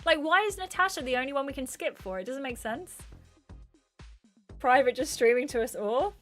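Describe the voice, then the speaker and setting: Female game streamer, high voice, giggly casual live commentary. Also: animated, a bit bright, faint music behind. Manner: giggly and chatty, quick to laugh.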